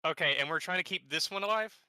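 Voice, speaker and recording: Young man with a sharp bright voice. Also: high-pitched, fast, clean tone, no echo. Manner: hesitant, asks rules questions. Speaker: player. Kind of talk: tabletop game banter.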